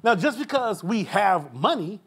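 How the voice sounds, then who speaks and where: A man's voice: high-pitched, very animated, unhurried, fairly bright tone, slightly rough. A male pastor telling a personal story in an informal church Q&A, acting out the voices of the people in it and laughing at his own jokes.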